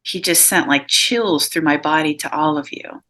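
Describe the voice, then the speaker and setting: Bright-voiced woman giving a psychic reading. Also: low voice, normal speed. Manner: relays messages in a run of "he says", with many fillers and restarts. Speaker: psychic medium. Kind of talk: live mediumship reading. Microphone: video call.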